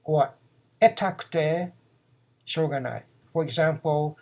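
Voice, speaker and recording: A man's voice: on the high side, moderate pace, darkish tone. A man, teaching phrases in a casual lesson, repeating words and acting out example lines. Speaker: Japanese teacher.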